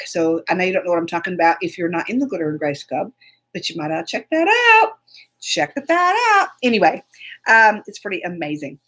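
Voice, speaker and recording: A woman hosting a casual live stream, chatty and laughing often as she greets viewers by name. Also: medium pitch. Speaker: host.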